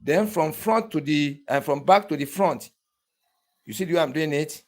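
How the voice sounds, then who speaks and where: Instructor man, a touch high-pitched, patient step-by-step demo that checks in with the viewer constantly. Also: moderate pace. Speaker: barber tool instructor. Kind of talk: hands-on tutorial demonstration.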